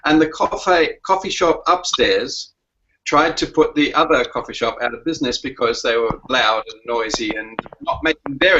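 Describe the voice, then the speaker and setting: An Australian man tells a story over a video call. His voice is bright and forceful, but it breaks into frequent uh and um pauses. The call audio is dull and lo-fi. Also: mid-range voice, a little hiss or hum. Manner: halting, full of "uh" and "um". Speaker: commedia performer.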